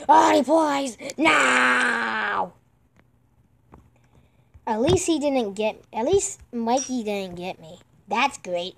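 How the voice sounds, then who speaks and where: A woman giving excitable let's-play commentary while gaming online with friends, yelping, pleading with the game and repeating herself. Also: on the high side, extremely slow, gravelly, pauses often, slight background noise. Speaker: gamer playing online with friends.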